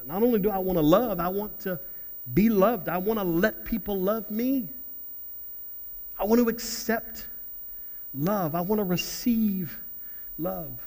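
A man preaching a sermon as pastor in church, halting and repeating words, then building to loud outbursts. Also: high voice. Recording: long hall reverb.

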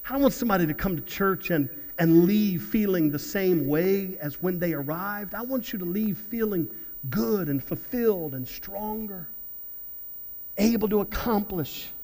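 A man preaching a sermon as pastor in church, halting and repeating words, then building to loud outbursts. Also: high-pitched, lively intonation. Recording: long hall reverb.

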